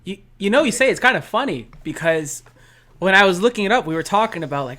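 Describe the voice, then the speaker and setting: A young man, a podcast guest, telling a story in a chatty, animated way. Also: sits high, fast. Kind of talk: casual podcast chat.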